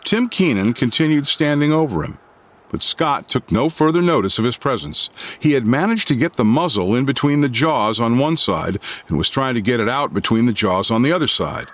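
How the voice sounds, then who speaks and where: Brief: male audiobook narrator, dramatic, lively intonation, mid pitch. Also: moderate pace. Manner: expressive, dramatic reading. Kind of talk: reading a classic novel aloud.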